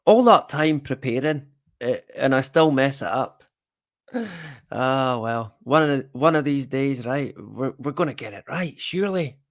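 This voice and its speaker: Speaking a little slowly in an expressive mid-range voice, this man from Scotland hosts a livestream, rambling casually to viewers and poking fun at himself along the way.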